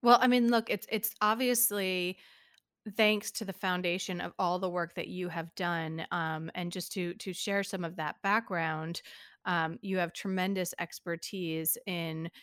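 A woman host with a smooth, resonant and slightly low voice asks long, winding questions over a remote call. She sounds engaged and affirming, and the recording is dry and close. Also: fairly even intonation, a little slow, a bit bright, no echo. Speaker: interview host. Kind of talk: conversational interview. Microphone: remote call audio.

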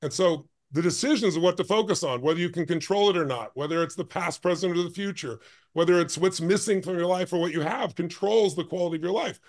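A man's voice: high-pitched, quick pace, darkish tone. Intense, emphatic man telling a story. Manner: emphatic, intense, speeds up in bursts. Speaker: guest, life and business strategist. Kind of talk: storytelling in a podcast conversation.

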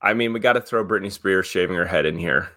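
Male co-host, low voice, blunt, swears freely, dry close sound. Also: quick pace, sharp tone, no room sound. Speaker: podcast co-host. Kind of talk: casual chat.

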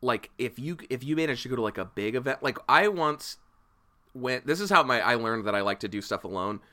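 A man's voice: medium pitch, expressive, brisk, sharp tone. A man co-hosting a podcast in casual chat, rambling, laughing and swearing freely. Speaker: podcast co-host.

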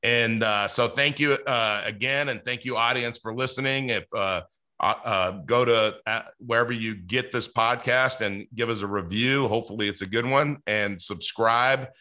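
A podcast host speaks at a medium pitch and moderate pace, his tone bright and forceful. He interviews casually, rambling along with frequent fillers and restarts.

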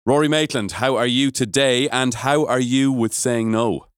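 A man's voice: medium pitch, moderate pace, smooth, no room sound, studio quality. An Irish man hosting a podcast, telling a story and chatting casually with his co-hosts. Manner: lively storyteller who jokes with co-hosts. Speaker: podcast host.

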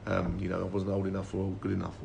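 A man with a low, gravelly voice and a faint hiss of background noise, talking as a former snooker pro. He tells his anecdotes in a relaxed podcast chat and laughs his way through the funny parts. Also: quick pace.

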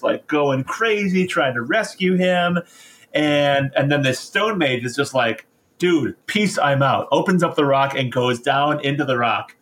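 A man on a podcast retelling a story casually, in slangy, animated speech. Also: medium pitch. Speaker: podcast co-host.

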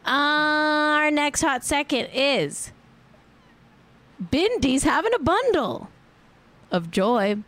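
A young American woman co-hosting a casual celebrity gossip chat, playful, jumping into squealy highs and swearing freely. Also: very animated, takes it slowly, long pauses, fairly bright tone. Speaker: podcast co-host.

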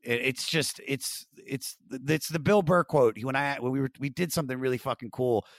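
A man's voice: mid-range voice, normal speed, no echo, clean studio sound. A man hosting a podcast in casual, profane chat, steering the talk through an album track by track. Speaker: podcast host.

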